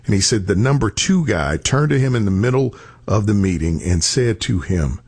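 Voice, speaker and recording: A man's voice: on the low side, animated, moderate pace, a little mellow, husky. A man telling a story in a casual radio talk show style.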